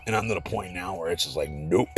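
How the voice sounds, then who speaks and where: A man's voice: sits low, racing, a bit bright, faint music behind. A man talking in a rambling, self-deprecating vlog monologue, often dropping to a whisper, recorded outdoors at night.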